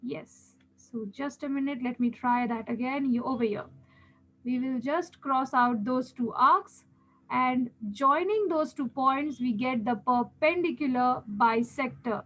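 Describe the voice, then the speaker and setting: A woman's voice: high voice, a little slow, a bit bright, rough recording. A woman with an Indian English accent, teaching a geometry lesson step by step, patiently repeating key steps and checking in with her students. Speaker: maths teacher.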